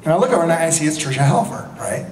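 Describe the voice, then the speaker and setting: A man in his fifties, a convention panel guest, telling animated, joking anecdotes full of restarts and laughter. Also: on the high side, racing, slight background noise. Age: 50s. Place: large convention hall. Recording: echoey hall with crowd ambience.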